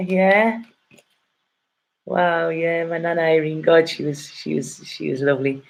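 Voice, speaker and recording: A woman's voice: deep voice, fairly even intonation, takes it slowly, vocal fry. A middle-aged woman gives a casual, rambling and heartfelt tarot reading, often checking in with "okay?". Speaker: tarot reader.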